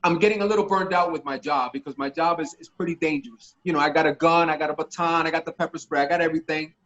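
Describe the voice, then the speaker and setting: A man guest on a podcast telling stories in a casual, animated, profane way, acting out the voices of the people in them. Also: fairly high pitch, fast talker. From Miami. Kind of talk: casual storytelling interview. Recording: dull lo-fi podcast audio.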